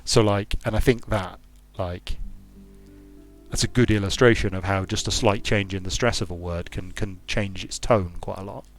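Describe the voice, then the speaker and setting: Low-voiced British man musing while gaming. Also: fairly even intonation, normal speed, faint music behind. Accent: British English. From United Kingdom. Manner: digressive, musing aloud. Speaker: game designer streaming his play. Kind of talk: casual gameplay commentary.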